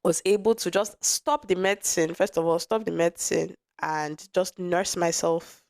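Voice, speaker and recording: A woman's voice: fairly low pitch, steady tone, moderate pace, creaky, a little mellow, dry recording, studio quality. A young woman hosting a podcast, telling a personal story in a frank, conversational way, with restarts and asides, her voice touched by a lingering cough. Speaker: podcast host.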